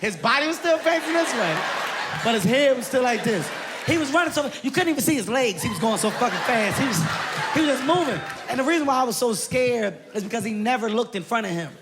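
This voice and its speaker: A man telling a stand-up comedy story, animated and loud, often laughing as he talks, recorded at a live show. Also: very high-pitched, fast, over a noisy crowd. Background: loud audience laughter and noise.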